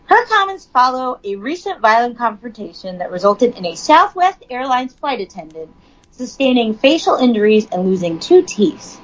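Chatty, swearing woman with a lively voice. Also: fairly high pitch, moderate pace, lo-fi sound. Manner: chatty, profane, reads news then riffs on it. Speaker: commentator. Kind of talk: casual news commentary.

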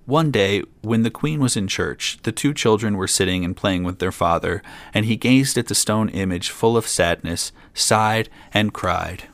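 A man's voice: on the low side, moderate pace, few pauses, no room sound. A man reading an old fairy tale aloud, with dry asides of his own. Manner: reads plainly, drops in dry asides. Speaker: storyteller.

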